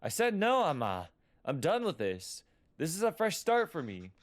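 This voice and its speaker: A man plays a young adult son itching to leave home, curt and defensive, his tone swinging lively up and down. The voice of a story game's restless teenager. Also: a little high, moderate pace, voice pushed up. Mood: exasperated. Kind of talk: reading game dialogue aloud.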